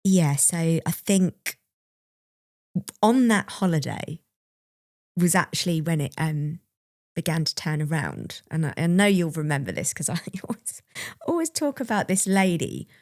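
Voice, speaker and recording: Low-voiced woman telling a personal story. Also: sing-song, unhurried, darkish tone, no echo, clean studio sound. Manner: open, reflective, laughs while recalling. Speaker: podcast co-host.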